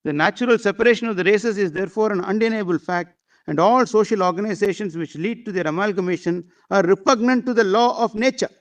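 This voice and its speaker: In a courtroom argument before a bench of judges, a man with a high-pitched voice speaks fast. He sounds deferential and hesitant, saying "my lord" constantly.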